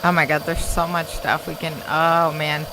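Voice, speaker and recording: A woman's voice: sits low, level tone, normal speed, background noise. A woman hosting a casual reaction livestream, chatting with viewers and making sarcastic asides. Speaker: reaction streamer host.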